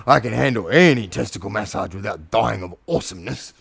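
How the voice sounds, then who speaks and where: A man voicing a pompous giant male metal dragon who speaks slowly and grandly. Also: lively intonation, vocal fry, fairly bright tone, husky, full character voice. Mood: haughty. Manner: deep, slow and self-important.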